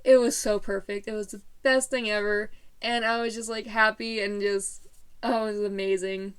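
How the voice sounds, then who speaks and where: A woman's voice: mid-range voice, level tone, moderate pace, clear, resonant tone. A teenage girl telling a story in a casual vlog, bubbly and rambling with lots of fillers. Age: late teens.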